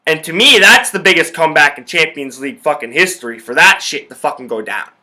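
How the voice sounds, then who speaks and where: A man's voice: fairly high pitch, expressive, brisk, sharp tone. A young man hosting a sports podcast, ranting about football in a profane, fired-up way. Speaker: podcast host. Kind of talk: casual sports talk.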